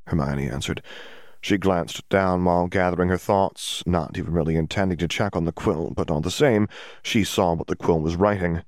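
A man narrating a story in a steady, even reading manner. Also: low voice, normal speed, dry recording, studio quality.

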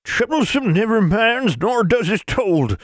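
A man voicing an ancient, wizened Ozark granny with a high, cracked drawl, cryptic and sly. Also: very animated, measured pace, no echo, clean studio sound. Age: elderly.

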